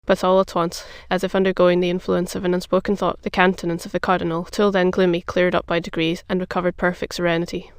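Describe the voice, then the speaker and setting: An audiobook narrator giving an even, measured scripted reading of a classic novel. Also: mid-range voice, clean tone, dry recording, clean studio sound.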